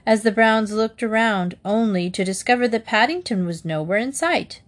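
A woman narrating a children's storybook aloud in a measured, expressive way. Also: fairly high pitch. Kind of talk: audiobook narration.

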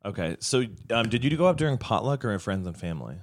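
A man co-hosting a casual comedy podcast, explaining a story at a quick clip. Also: lowish voice, sing-song. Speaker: podcast co-host, stand-up comic. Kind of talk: casual chat.

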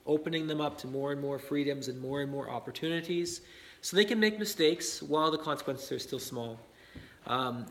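A man delivers a sermon in a loose, conversational way, leaning on fillers and quick check-ins with the listeners. His voice sits a little higher than most men's, and he slips in light laughs between points. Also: a bit bright. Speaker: pastor.

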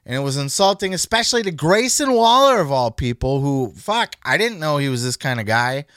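A man's voice: a little high, big pitch swings, brisk, fairly bright tone, no echo, clean studio sound. A man hosting a podcast, talking casually in a heated, profane rant. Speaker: podcast host. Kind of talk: casual chat.

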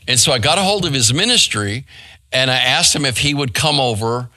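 A man's voice: medium pitch, animated, a little fast, bright, forceful tone, no room sound. A middle-aged man and pastor, giving a casual Bible study with many fillers and asides to the room. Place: church hall.

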